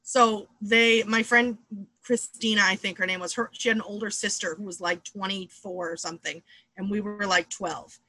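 A woman in her thirties from the Boston area, a comedian guest telling quick, animated stories and acting out what people said. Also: medium pitch, dry recording. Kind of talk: casual storytelling chat.

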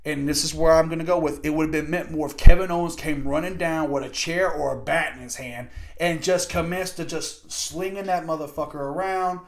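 A man giving a casual, excitable and profane play-by-play review of a wrestling event. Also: fairly high pitch, brisk, hardly any pauses. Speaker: wrestling podcast host.

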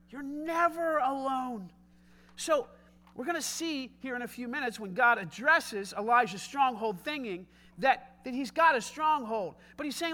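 A man preaching a sermon, swinging between loud emphatic lines and hushed low asides, often asking the congregation direct questions. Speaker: pastor.

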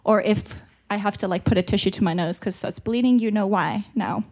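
Her voice is mid-range and slightly mellow, and she talks fairly fast. A South African woman with a congested nose, she gives a frank, conversational church retreat talk, sometimes chuckling at herself.

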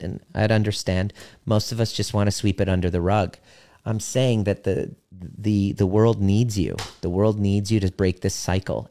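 A man talking as a relationship coach, earnest and blunt, swearing for emphasis and slowing down to stress his key points. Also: sits low, warm tone. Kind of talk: motivational talk to listeners.

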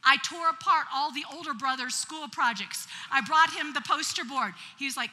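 A woman telling a humorous story as she preaches, in a lively, chatty, self-mocking way. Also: high voice, fairly quick, hardly any pauses. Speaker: preacher at a women's conference. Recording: long hall reverb.

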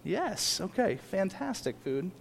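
Animated young preacher with a high voice. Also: male voice, unhurried, creaky, breathy edge. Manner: animated preaching, swings from quiet asides to loud emphatic repeats. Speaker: pastor. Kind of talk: sermon.

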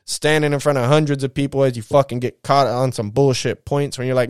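A man's voice: medium pitch, fairly quick, clean tone, no room sound, studio quality. A man hosting his own show, telling his life story in a casual, slangy, profane way and acting out the people in it. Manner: profane, slangy street talk; animated retelling with quoted voices.

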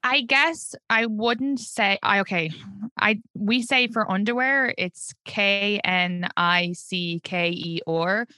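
Irish woman in her thirties, bright lowish voice, dry close sound, chatty and candid. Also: slow, smooth, no echo. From Ireland. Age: 30s. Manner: candid, chatty, laughs often. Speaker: comedian guest. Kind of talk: casual interview chat.

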